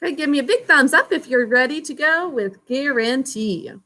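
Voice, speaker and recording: A woman teacher leading an online spelling lesson, sounding out words slowly and clearly, syllable by syllable, on a video call. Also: high voice, animated, bright, forceful tone.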